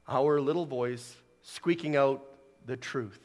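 A man preaching a sermon, swinging from loud emphatic declarations to hushed, near-whispered lines. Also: fairly high pitch, slow. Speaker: pastor. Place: church hall. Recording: long hall reverb.

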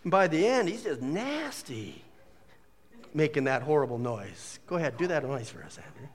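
A man preaching a casual, jokey sermon as a pastor, full of folksy asides and quick humor. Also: fairly high pitch, very animated, long reverb tail, a crowd in the background. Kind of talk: conversational sermon.

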